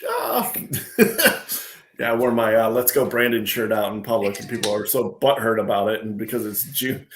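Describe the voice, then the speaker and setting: A man co-hosting a casual podcast, telling a story in an animated, ranting way. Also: on the low side, normal speed, a little hiss or hum. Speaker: podcast co-host. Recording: roomy echo.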